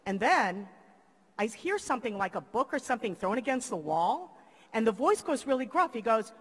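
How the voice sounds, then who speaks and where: An older woman from the Philippines giving a commencement speech, telling a lively story and acting out the voices of the people in it. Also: a little high, brisk, slightly rough. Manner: lively, acts out quoted voices. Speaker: commencement speaker. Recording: long hall reverb.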